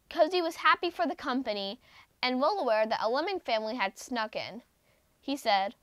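A woman with a high voice reading a children's picture book aloud, gentle and expressive. The sound is dry and close, with no room around it. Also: moderate pace, dry recording.

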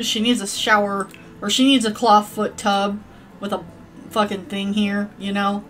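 A woman's voice: mid-range voice, little pitch movement, a little slow, a bit bright, faint music behind. A woman streaming a game, rambling to her viewers and cursing at her characters in crude, profane chat. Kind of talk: casual gameplay commentary.

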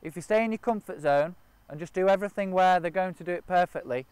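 A man's voice: high voice, quick pace, a little mellow, clear, resonant tone, dry recording. A man training gundogs outdoors, explaining each step in a practical way. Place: outdoors in a park and by a river.

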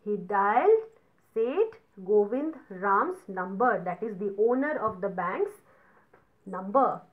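A woman's voice: medium pitch, big pitch swings, phone-quality sound. A woman teacher reading a story to children, stopping to explain words and retell each passage in simpler terms. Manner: explains words slowly, repeats and paraphrases.

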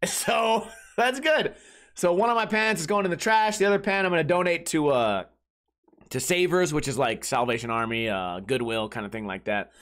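High-voiced crude rambling podcast host. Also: male voice, moderate pace, fairly bright tone. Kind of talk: casual comedic storytelling.

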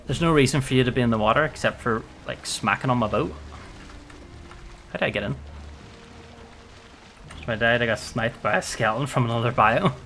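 A man's voice: mid-range voice, a little fast, pauses often, a bit bright, slight background noise. Chatty young man gaming. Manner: chatty, swears at enemies, laughs often. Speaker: gaming streamer. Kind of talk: casual gameplay commentary.

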